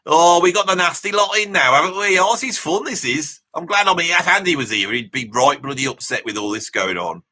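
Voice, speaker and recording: Brash Birmingham metalhead bloke, played by a man, rambling comic bluster, slightly high-pitched, very sharp tone. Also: animated, fairly quick, hardly any pauses. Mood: blustery. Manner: blustering and rambling, swears casually, laughs at his own jokes. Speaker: livestream host in character. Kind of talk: comic live reaction stream.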